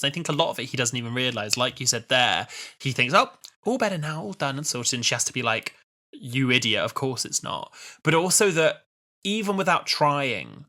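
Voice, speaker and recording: Young man, twenties, podcast co-host, bright clear tone, casual animated chat. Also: mid-range voice. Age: 20s. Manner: animated retelling of scenes.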